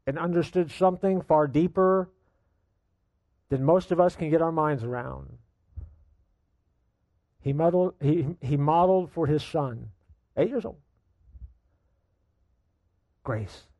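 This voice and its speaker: A man's voice: on the high side, lively intonation, a little slow, pauses often, dry recording, muffled recording. A man preaching a sermon, telling a story in an earnest, dramatic way.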